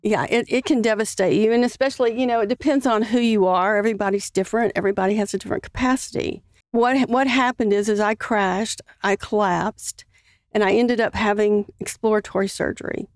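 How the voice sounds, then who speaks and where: Woman, podcast guest, earnest storytelling, halting with fillers, dry close sound. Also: mid-range voice, steady tone, dry recording. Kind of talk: personal storytelling in a conversation.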